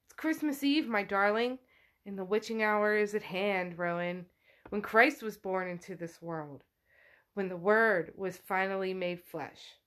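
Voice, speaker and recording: A woman voicing a menacing, possessive male spirit who craves a body, speaking fast and taunting while she retells a novel. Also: medium pitch, a bit bright, natural voice.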